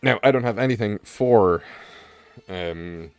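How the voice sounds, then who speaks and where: A man's voice: lowish voice, slow pace, smooth, no room sound, faint music behind. A young man streaming a game, rambling casually with many fillers and curse words. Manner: rambling, heavy on fillers, profane. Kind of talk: casual rambling commentary while gaming.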